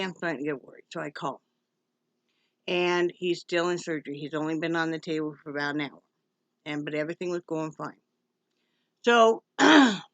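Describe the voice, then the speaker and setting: A woman's voice: on the low side, no echo. Woman, rambling vlog update, emotional, dry close sound, a bit muffled. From Wyoming. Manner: rambling, emotional, many restarts. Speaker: vlogger. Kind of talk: casual personal update. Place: home.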